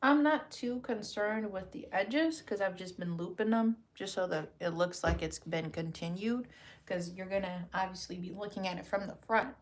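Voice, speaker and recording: A woman's voice: medium pitch, normal speed. A woman vlogger talking casually through her crafting work, thinking aloud as she goes. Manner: relaxed, thinking aloud while working.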